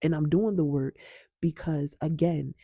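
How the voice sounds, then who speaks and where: A woman's voice: deep voice, a little slow, warm tone, breathy edge, no echo, studio quality. A woman vlogging about healing and personal growth, speaking candidly and emphatically to her viewers and swearing freely. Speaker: wellness vlogger. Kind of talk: casual talk to camera.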